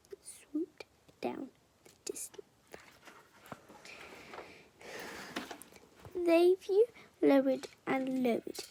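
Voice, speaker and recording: A woman reads a children's picture book aloud, often sinking into a whisper and stopping for chatty asides. Her voice is high with a gravelly edge. She takes it slowly, with a lively, swooping melody. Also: a little hiss or hum. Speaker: storyteller.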